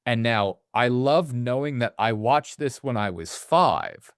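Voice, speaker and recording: A man co-hosting a casual movie podcast, animated, swearing freely and acting out quotes in little voices. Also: mid-range voice, a little slow, clear, resonant tone, no echo, studio quality. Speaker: podcast co-host.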